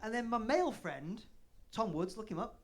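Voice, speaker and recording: A man's voice: high voice, big pitch swings, moderate pace. Sweary self-mocking comedian man, 30s. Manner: sweary, self-deprecating crowd banter. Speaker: stand-up comedian. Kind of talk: live stand-up set. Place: comedy club stage.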